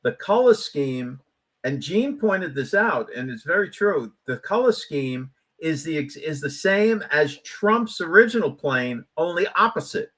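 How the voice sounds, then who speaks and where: A man co-hosting a casual live-stream chat, animated and jokey, often repeating his words. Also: a little high, a little slow. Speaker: co-host.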